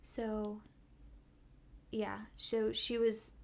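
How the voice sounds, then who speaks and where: A woman, a midwifery student and podcast guest, telling a story in a casual, animated way and sometimes dropping to a whisper. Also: a little high, drawn-out words, gravelly. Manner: animated retelling, drops into whispers.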